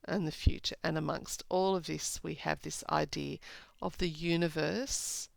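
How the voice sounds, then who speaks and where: Slow, gravelly-voiced woman teacher analyzing poetry. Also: sits low, fairly even intonation, dry recording, low-quality recording. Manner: slow, deliberate, rereads lines aloud. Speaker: English teacher.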